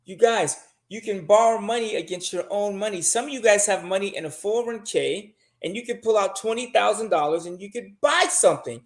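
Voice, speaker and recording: A man's voice: high voice, brisk, few pauses, echoey room. A man talking casually and bluntly as a show guest, swearing often and pressing his money advice with emphasis.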